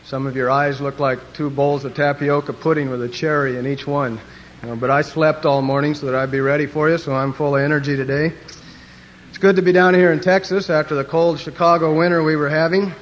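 A man's voice: fairly high pitch, fairly even intonation, brisk. A man from Wyoming, a pastor giving a humorous speech to a youth conference and telling jokes in funny voices. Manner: joking storyteller doing voices. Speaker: pastor and guest speaker. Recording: dull lo-fi old recording with faint hiss.

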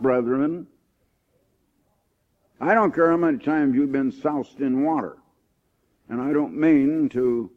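A man preaching a sermon, reading scripture slowly and rising to stress his points. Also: mid-range voice. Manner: emphatic, rising on key points, slows for scripture. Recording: tinny phone-like old recording.

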